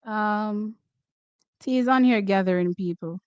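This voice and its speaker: A woman's voice: medium pitch, lively intonation, moderate pace, no echo, lo-fi sound. A young woman with a Jamaican accent hosting a casual track and field livestream, reading comments and switching between patois and standard English with frequent laughter. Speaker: host of a track and field talk stream.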